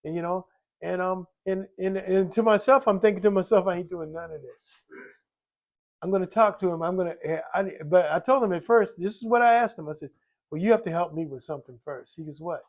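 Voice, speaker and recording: This older man's voice is high and his pace quick as he gives a rambling, frank account of his own recovery. "You know" crops up constantly, and he slips into different voices to act out the people he quotes.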